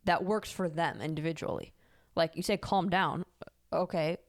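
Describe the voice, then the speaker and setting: Young female podcast co-host, lowish voice, blunt and candid. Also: animated, moderate pace, darkish tone. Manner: frank, candid, lightly self-mocking. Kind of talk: casual chat.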